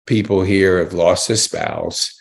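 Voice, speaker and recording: A man's voice: low voice, wildly swooping pitch, takes it slowly, vocal fry, breathy edge. A man hosting an interview, enthusiastic and rambling, often restarting his sentences. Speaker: podcast host. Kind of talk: casual interview chat.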